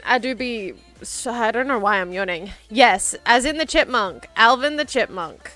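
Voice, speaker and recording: A woman's voice: on the high side, animated, moderate pace, pushed and bright. A young woman streamer chatting casually, rambling and giggling, with lots of fillers, over faint background music. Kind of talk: casual chat.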